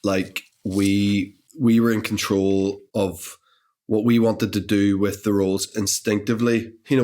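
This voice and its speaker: A man's voice: lowish voice, a little mellow. A man in his thirties with a Northern Irish accent, chatting animatedly as an actor guest over lunch, often repeating words as he thinks. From Northern Ireland. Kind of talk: casual interview chat. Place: indoors over a lunch table.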